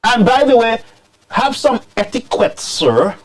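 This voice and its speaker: High-voiced man mocking politicians. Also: a little slow. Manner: animated, scolding, mixes in Creole phrases. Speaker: commentary show host.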